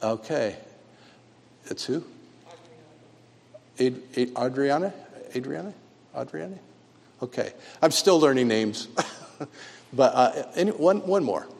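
A man leading a church sermon and inviting the congregation to share, speaking haltingly with many fillers. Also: mid-range voice, lively intonation, gravelly, darkish tone. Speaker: pastor. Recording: long reverb in a church.

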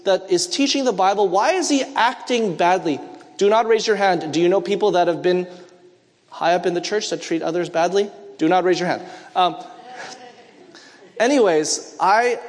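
A man preaching a sermon, telling stories and asking the congregation to call out answers. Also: sits high. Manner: storytelling with call-and-response questions. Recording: long hall reverb.

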